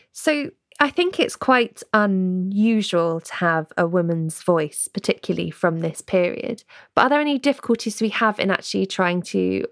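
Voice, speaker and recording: A woman's voice: mid-range voice, fairly bright tone, no room sound. Inquisitive woman interviewer, dry sound. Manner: engaged, inquisitive questioning. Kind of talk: interview questions.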